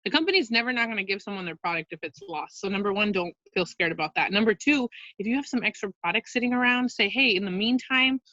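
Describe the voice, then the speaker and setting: A woman's voice: medium pitch, lively intonation, fast talker, hardly any pauses, pushed and bright, no room sound. A woman leading a casual training talk for her sales team, chatty and upbeat, full of fillers and "you guys", heard over a video call. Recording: dull lo-fi video call audio.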